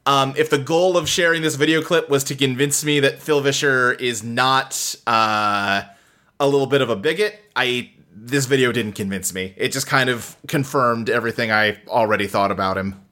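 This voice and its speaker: Bright-voiced animated man hosting a podcast. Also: mid-range voice, moderate pace. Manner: animated, filler-heavy, frequent restarts. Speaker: podcast host. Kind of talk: casual podcast chat.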